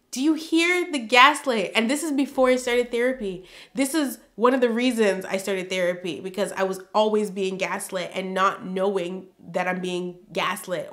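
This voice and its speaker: Bright-voiced woman telling a storytime. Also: medium pitch. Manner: emphatic, exasperated asides between read-out passages. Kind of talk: storytime vlog, reading her old journal aloud.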